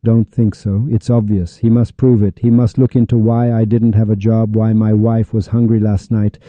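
A man's voice: on the low side, flat delivery, moderate pace, no room sound. A man preaching a heated monologue on Sufism, sarcastic and insulting, with sudden angry outbursts. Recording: dull, dry lo-fi recording.

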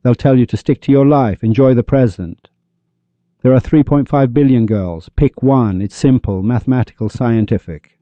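A man giving a spiritual lecture on love, animated and full of rhetorical questions, acting out the voices of the people he quotes. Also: mid-range voice, moderate pace, no echo. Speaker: Sufi speaker. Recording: dull lo-fi recording.

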